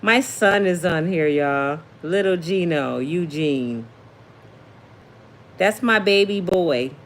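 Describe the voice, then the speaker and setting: Slow and on the low side, her voice carries a faint hiss or hum in the background. She hosts a casual celebrity gossip livestream, chatting sassily and reading viewer comments aloud.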